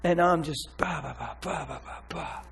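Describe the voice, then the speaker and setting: A man's voice: a little high, normal speed, vocal fry, fairly bright tone, husky, low-quality recording. A man preaching his testimony in an impassioned, emphatic way. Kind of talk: testimony sermon.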